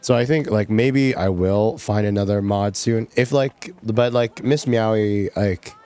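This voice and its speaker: A male streamer chatting loosely over his game, cracking jokes and laughing often. His voice sits on the low side. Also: measured pace, mellow, smooth. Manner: joking, laughs often, repeats lines. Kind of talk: casual gameplay commentary.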